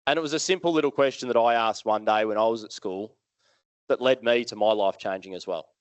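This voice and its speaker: A man with an Australian accent giving a live keynote talk, telling stories in a lively, conversational way and putting questions to the audience. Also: lowish voice, a little fast, clean tone, no room sound. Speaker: motivational speaker. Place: live event hall with audience.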